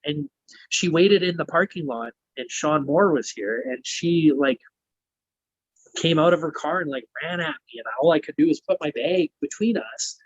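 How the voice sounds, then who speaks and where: A man's voice: fairly high pitch, lively intonation, normal speed, dry recording, muffled recording. A man, a wrestler guest telling a long story in casual, rambling talk full of swearing.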